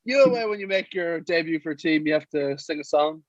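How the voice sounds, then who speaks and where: A young Irish man telling lively anecdotes as a guest on a casual podcast, acting out the quotes in his stories. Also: on the high side, fairly quick, dry recording, dull audio. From Sligo, Ireland. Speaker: guest, professional rugby player.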